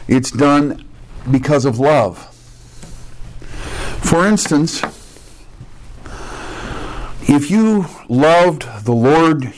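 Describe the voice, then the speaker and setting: A male pastor preaching a sermon in a conversational way, with joking asides, restarts and rhetorical questions. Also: mid-range voice.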